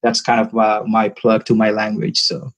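A man whose first language is Tamil, a podcast guest talking casually and haltingly, with lots of fillers. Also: on the low side, creaky, rough recording. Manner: relaxed, halting, many fillers. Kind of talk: casual interview talk.

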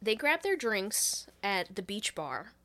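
A woman co-hosting a podcast, casually retelling a movie plot with loose, profane storytelling and quick laughs. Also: medium pitch, big pitch swings, sharp tone. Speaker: podcast co-host recapping a movie. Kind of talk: casual chat.

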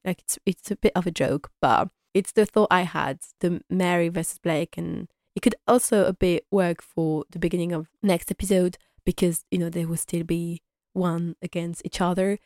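A young woman recaps an episode as a fan reviewer, casual and enthusiastic, laughing often and using lots of fillers. Her voice is fairly low and darkish, with fairly even intonation at a normal speed, recorded at studio quality with no echo.

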